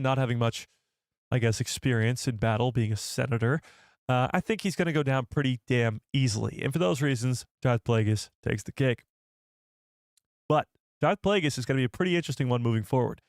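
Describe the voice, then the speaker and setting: A man hosts a live show as a casual live stream, chatty and rambling, frequently correcting himself mid-sentence. His voice sits in the mid-range, and the sound is clean studio audio with no room sound.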